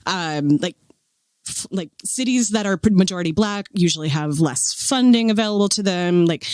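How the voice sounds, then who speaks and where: A young woman co-hosting a podcast in casual chat, talking freely with lots of fillers and quick laughs. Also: lowish voice, darkish tone, dry recording. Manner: chatty, laughs often, frequent fillers. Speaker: podcast co-host.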